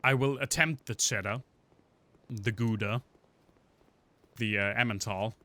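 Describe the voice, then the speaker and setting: Bright-voiced man streaming a game. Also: fairly low pitch, a little slow. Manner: chatty, joking, talks to viewers while playing. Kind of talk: casual gameplay commentary to chat.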